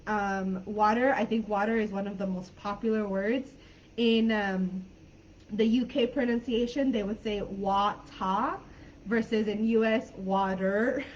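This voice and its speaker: A woman teaches English over a video call, her voice pitched a little high. She talks in a friendly, chatty way, laughing easily and pausing with fillers as she thinks. The audio is dull and lo-fi, with a faint hiss behind it. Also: a little mellow. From California. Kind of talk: live online class.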